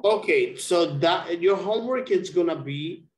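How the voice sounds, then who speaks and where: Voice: medium pitch, expressive, a little slow. Patient English teacher on a video call. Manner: patient, checks understanding often. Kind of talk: online one-on-one English lesson. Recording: echoey room over a video call.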